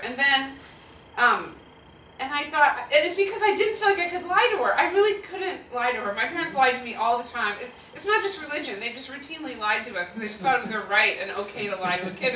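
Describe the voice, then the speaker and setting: A woman in her fifties answers audience questions with laughing, self-mocking stories. Her voice is high and bright, and her pitch swings widely. She is heard from a distant mic in a roomy hall with a faint hum behind her. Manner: animated, laughing, self-deprecating. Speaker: guest speaker. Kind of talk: live audience Q&A storytelling. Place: auditorium with audience.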